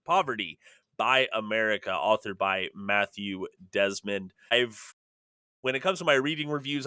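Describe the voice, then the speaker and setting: A man hosting a casual sports podcast, upbeat and smooth as he chats and reads plugs into a close microphone. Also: mid-range voice, bright, forceful tone, dry recording. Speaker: podcast host.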